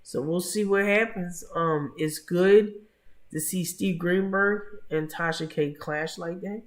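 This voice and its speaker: A woman hosting a casual live-stream gossip commentary, chatting to viewers in the chat by name with drawn-out asides. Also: lowish voice.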